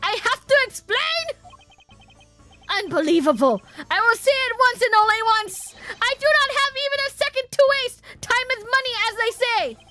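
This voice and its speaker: A haughty, pompous wealthy art dealer, put on by a woman who scoffs at everyone, voiced in a high, swooping register. He sounds theatrical and impatient, as if every second costs him money. Faint music plays behind him. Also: expressive, normal speed, bright, forceful tone, full character voice. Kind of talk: reading game dialogue aloud on stream.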